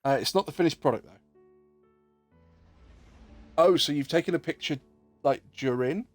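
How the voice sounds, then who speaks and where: A man's voice: on the high side, normal speed, no room sound, faint music behind. Chatty man streaming a game. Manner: chatty, joking, talks to chat. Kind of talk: casual gameplay chat.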